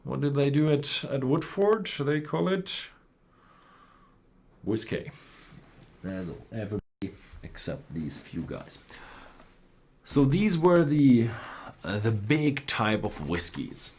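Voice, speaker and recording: A man's voice: medium pitch, very animated, slow, darkish tone, slightly rough. A man explaining whisky types in loose, rambling talk, full of fillers and self-corrections. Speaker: whisky presenter. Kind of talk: unscripted explainer.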